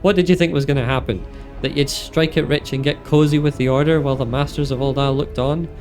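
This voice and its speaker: A man voicing a scornful, rough male thug, reading game dialogue aloud in a hammy, sneering voice over game music. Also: a little high, fairly even intonation, fast, a little mellow, pitched above the performer's own voice, natural voice. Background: video game music.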